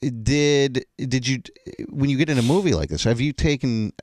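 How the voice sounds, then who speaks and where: A man hosting a radio show, asking questions in a casual, halting way with many restarts. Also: medium pitch, a little mellow, no echo, clean studio sound. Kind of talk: casual interview chat. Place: radio studio.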